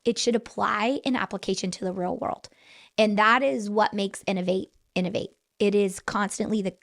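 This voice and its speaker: Earnest woman school headmaster explaining. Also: medium pitch. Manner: earnest, explanatory, repeats words when restarting. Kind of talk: podcast interview.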